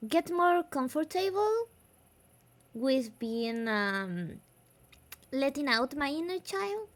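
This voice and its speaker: A woman with a Spanish accent, a native Spanish speaker who grew up in the south of Spain, chats casually with her stream audience. Her voice sits a little high and moves up and down a lot as she talks. She laughs often and slips back and forth between English and Spanish. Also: sing-song, slow pace, pauses often. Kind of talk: casual chat.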